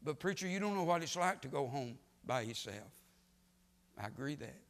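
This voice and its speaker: Male preacher, gravelly voice, quiet stretches that burst into loud emphasis, long church reverb. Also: a little high, animated, moderate pace. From United States. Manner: preaching with sudden loud rises. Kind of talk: sermon. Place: church sanctuary.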